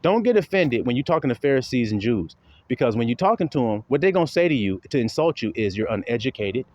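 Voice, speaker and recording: A man's voice: mid-range voice, big pitch swings, fast, a little mellow. A man preaching in a heated, profane commentary style. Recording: dull lo-fi recording, faint noise.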